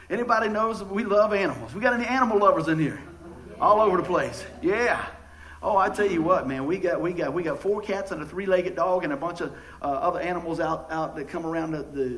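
A man's voice: sits high, fairly bright tone, rough recording. A man preaching a casual sermon, telling jokey stories with many stammered restarts. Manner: folksy, joking storyteller with stammered restarts. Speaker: pastor.

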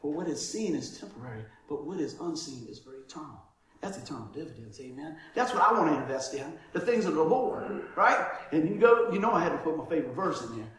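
Male pastor, high lively voice, very echoey church room. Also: quick pace. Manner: animated storytelling, acts out dialogue, laughs often. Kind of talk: conversational sermon.

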